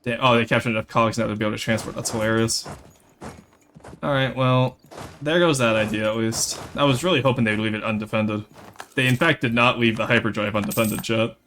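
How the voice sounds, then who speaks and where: A man's voice: mid-range voice, fairly quick, a little hiss or hum. A young man from rural Canada, giving live gameplay commentary and chatting with viewers. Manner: lively, chats with viewers while playing. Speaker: streamer.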